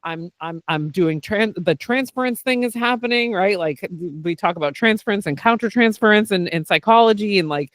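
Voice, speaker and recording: A man talking in a casual podcast chat, candid and animated, with a fairly high voice. He swears freely and tucks "like" and "right?" into almost every thought. The sound is close and dry. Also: fairly quick, few pauses, dry recording. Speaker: podcast host and therapist doing intuitive work.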